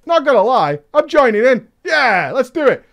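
A man's voice: very high voice, sing-song, normal speed, gravelly, fairly bright tone, voice pushed up, exaggerated voice. A man voicing an eager middle-aged dad who gleefully joins in a family joke.

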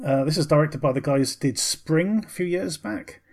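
A man with a somewhat high voice co-hosts a casual film podcast. He rambles through his picks, hesitating with frequent ums and restarts. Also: moderate pace, creaky, darkish tone. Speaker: podcast co-host. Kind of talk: casual film review chat.

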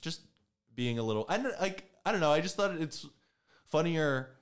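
A man's voice: fairly high pitch, lively intonation, moderate pace. A young adult man, a comedian guest, chatting casually on a podcast in a rambling, hesitant way full of fillers.

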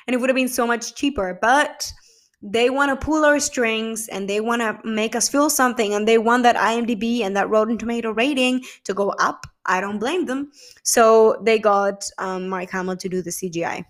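A woman's voice: fairly high pitch, moderate pace. A young woman vlogging casually about a TV episode, gushing and emotional, swearing freely and acting out quotes. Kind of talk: casual chat.

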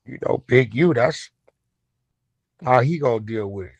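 A man hosting an online talk room, naturally loud, blunt and aggressive, with profane casual speech. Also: medium pitch, animated, unhurried, breathy edge, no echo. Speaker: host. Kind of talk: heated casual chat. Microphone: online audio room.

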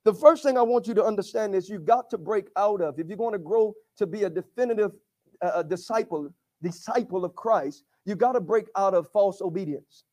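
A pastor preaching a sermon with call-and-response to his congregation, often rising to shouts. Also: high-pitched, fairly quick.

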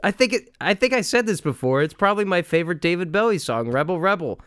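A man's voice: high voice, expressive, fast, a bit bright, clean tone, no room sound, studio quality. A man hosting a podcast, casually chatting about a film, swearing, laughing and acting out scenes. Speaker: podcast host.

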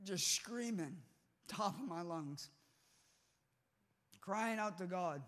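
A man's voice: high-pitched, animated, slow pace, a bit bright. A man preaching a sermon with fervent emphasis and restarts, before a live congregation in a large hall. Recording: long hall reverb.

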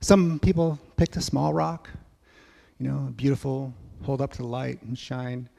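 A man telling a story in a sermon at church, lively and acting out voices. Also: mid-range voice, a little slow, creaky, in a large hall. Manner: animated storyteller, acts out kids' voices. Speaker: church speaker.

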